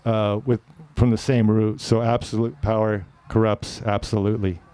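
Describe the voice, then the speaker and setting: A man's voice: lowish voice, flat delivery, moderate pace, warm tone. A middle-aged man teaching public speaking in an online lecture, defining rhetorical terms and quoting examples one by one.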